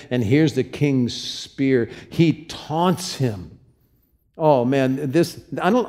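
A man preaching a sermon, reading scripture and acting out the characters' lines with vivid emphasis. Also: a little mellow. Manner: acts out biblical characters' lines with rising pitch and slowed emphasis. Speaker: pastor.

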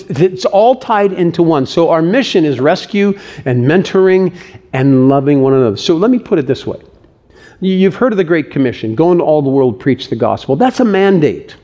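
A man with a slightly higher voice than most preaches a sermon to his congregation. He is earnest but conversational and slips in joking asides. His delivery comes from a church setting. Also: a little mellow. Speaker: pastor.

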